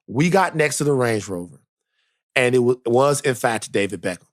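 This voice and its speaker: A man co-hosting a podcast, telling stories in a casual, animated way and repeating phrases for emphasis. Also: medium pitch, fairly quick. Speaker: podcast co-host. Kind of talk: casual chat, animated storytelling.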